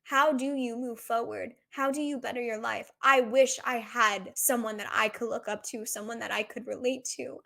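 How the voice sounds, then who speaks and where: A young woman in her twenties talks on her own podcast in a slightly high voice. She sounds earnest and reflective and keeps asking herself questions as she works through her thoughts. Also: fairly even intonation, normal speed, gravelly, few pauses, sharp tone. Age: 20s. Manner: earnest, reflective, uses many rhetorical questions. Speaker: podcast host. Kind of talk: solo podcast talk.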